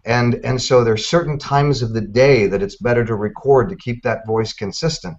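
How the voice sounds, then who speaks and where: A man speaks casually as an interview guest, starting and restarting his thoughts with plenty of fillers. His voice sits at a middle pitch. The call sound is muffled and lo-fi. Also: moderate pace. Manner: hesitant, many fillers and restarts. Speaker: audiobook narrator guest.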